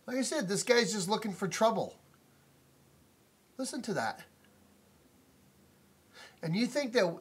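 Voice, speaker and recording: A man's voice: high-pitched, husky. A man ranting to camera from inside his house, indignant and repetitive, swearing often, recorded on a phone or camera mic. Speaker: vlogger complaining about a noisy neighbor. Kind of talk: angry profane rant to camera.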